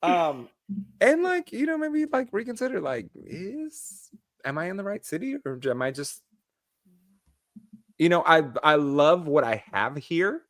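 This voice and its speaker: A man co-hosting a podcast, chatting casually in an animated way with quick asides. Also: fairly high pitch, no room sound, clean studio sound. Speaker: podcast co-host. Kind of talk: casual chat.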